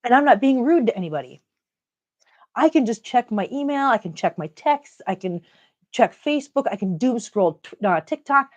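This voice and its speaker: A woman's voice: a little high, expressive, moderate pace, muffled recording. Chatty laughing Midwestern woman streaming live. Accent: Upper Midwest American. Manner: chatty, laughs often, reads viewer comments aloud. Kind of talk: casual live-stream chat.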